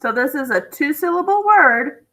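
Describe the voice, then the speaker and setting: A woman teacher giving a spelling lesson to young students, drawing out each word slowly and patiently. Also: sits high, lively intonation, fairly bright tone, poor audio.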